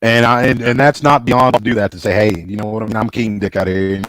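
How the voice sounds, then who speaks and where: A man's voice: lowish voice, fairly even intonation, fairly quick, no echo, poor audio. A man hosting a casual podcast conversation, talking emphatically and often restarting his sentences. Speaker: show host.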